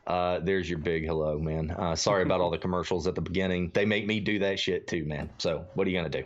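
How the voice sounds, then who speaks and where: A man casting a match in relaxed, casual play-by-play style, filling his lines with "man". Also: low-pitched, quick pace, highs cut off. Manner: laid-back, uses filler "man". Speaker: esports caster.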